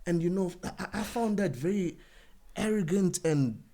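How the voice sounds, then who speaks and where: A man of Congolese background living in South Africa, a podcast guest speaking earnestly in casual chat, slangy, with halting restarts. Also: high voice, animated, mellow. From Congolese community in South Africa.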